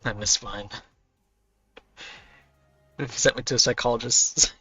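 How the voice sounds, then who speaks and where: A man's voice: mid-range voice, fairly even intonation, unhurried, long pauses, pushed and bright, slightly rough, lo-fi sound, soft background music. A man chatting casually on a live stream while he draws, self-mocking and often muttering or whispering to himself as he works. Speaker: artist and author streaming his drawing.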